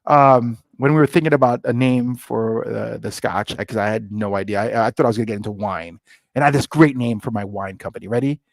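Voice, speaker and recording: Middle-aged male guest, energetic storyteller who acts out both sides of a conversation, dry close mic. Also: mid-range voice, fairly quick, vocal fry, dry recording. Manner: lively storyteller, acts out dialogue with rising excitement. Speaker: scotch company founder, guest. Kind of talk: animated storytelling interview.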